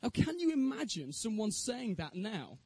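A man speaks at an evening Christian talk, sharing his own testimony and putting questions to his listeners in an earnest tone. His voice sits high yet mellow, with a husky edge. The recording is dry and close, with no room sound. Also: big pitch swings, normal speed, no room sound, rough recording. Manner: earnest, rhetorical questions to the audience. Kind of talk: evangelistic talk with personal testimony.

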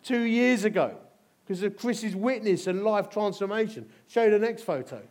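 With a high-pitched voice at normal speed, a middle-aged English preacher delivers a sermon through stories. He's lively and funny, and he leans on emphatic repetition.

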